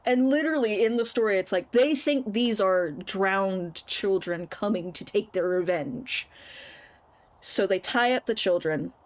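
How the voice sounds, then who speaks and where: A woman streamer retelling a story in casual chat while she plays a game, acting out the quoted lines with big jumps in pitch. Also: unhurried, low-quality recording.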